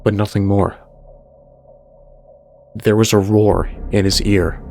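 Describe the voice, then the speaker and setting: A man reading a horror story aloud as the channel's narrator, in a slow, deliberate delivery. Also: fairly low pitch, little pitch movement, darkish tone. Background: faint music.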